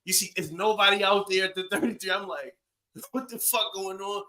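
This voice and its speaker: A man in his forties telling a story in casual podcast talk, animated and acting out voices and sounds. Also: high-pitched, normal speed. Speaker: podcast co-host.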